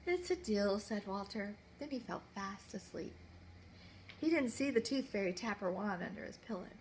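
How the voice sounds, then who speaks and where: A woman's voice: mid-range voice, moderate pace, slight background noise. A woman teacher reading a picture book aloud to children in a classroom, with dramatic storytelling.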